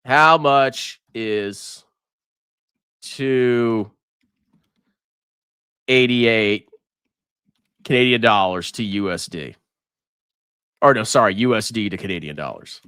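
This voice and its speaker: A man's voice: fairly low pitch, slow pace, long pauses, bright, forceful tone, smooth, dry recording, studio quality. A man hosting a live finance stream, reading viewer messages and mocking them with frequent laughter. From United States. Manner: teasing, mocking, laughs often. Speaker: livestream finance host.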